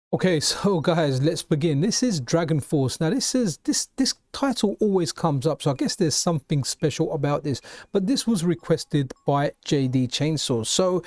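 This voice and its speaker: A man's voice: on the high side, a little mellow, no echo, clean studio sound. A man with a London accent hosting a retro gaming channel, chatting casually over gameplay and often restarting his sentences. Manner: chatty, restarts and repeats words.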